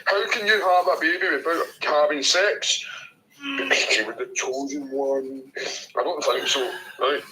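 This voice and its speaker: A man's voice: a little high, a little hiss or hum, rough recording. Brash, swearing Scottish man. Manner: loud, crude and taunting, swears a lot. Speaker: stranger on a video chat. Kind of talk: provocative casual chat.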